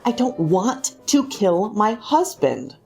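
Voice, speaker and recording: A woman reading a frantic housewife who talks herself down in slow, measured lines. Her pitch swings widely, and a gravelly fry sits under the words. Soft music plays faintly behind her. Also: very animated, full character voice. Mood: anxious. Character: anxious housewife, middle-aged, inwardly frantic.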